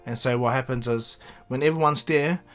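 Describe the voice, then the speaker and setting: A man's voice: medium pitch, normal speed, a bit bright. Man rambling through a fan retelling, um-filled; faint music. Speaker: storyteller. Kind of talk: casual fan retelling of a cartoon story.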